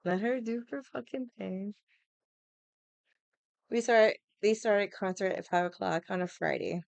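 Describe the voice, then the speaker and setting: A woman vlogger telling stories in a casual, animated way, swearing often and acting out other people's lines. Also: mid-range voice, measured pace, creaky, clear, resonant tone, no echo. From Hawaii. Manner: animated, profane, laughs often, acts out quotes. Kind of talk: casual storytelling chat.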